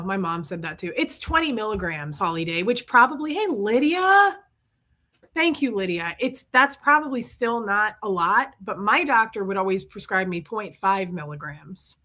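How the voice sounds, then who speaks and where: A chatty woman on a casual livestream with a bright, sharp tone. She tells her story in a frank, venting way and calls out viewers by name as she goes. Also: medium pitch. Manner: chatty, vents frustration, answers viewers by name.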